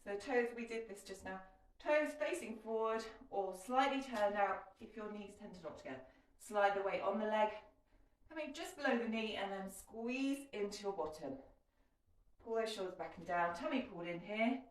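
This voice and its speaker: A woman talks viewers through a kettlebell workout with chatty, encouraging coaching cues. Her voice sits at a middle pitch and is heard from some distance from the mic in a very echoey room. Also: lively intonation, moderate pace. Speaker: fitness instructor. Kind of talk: guided workout instruction.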